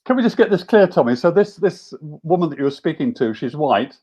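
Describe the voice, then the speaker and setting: A man's voice: fairly high pitch, very animated, a little fast, mellow. A man hosting a live-stream interview, probing the guest and pinning down details. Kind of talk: interview questions.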